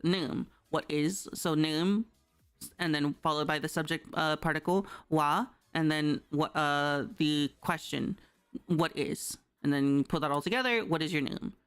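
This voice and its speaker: A woman with a low, smooth and clear voice teaches on a casual livestream. She talks loosely, packing her lines with fillers and a checking "right?". Faint music plays underneath. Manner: chatty, loose, full of fillers and rhetorical "right?". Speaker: streamer teaching Japanese. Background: soft background music.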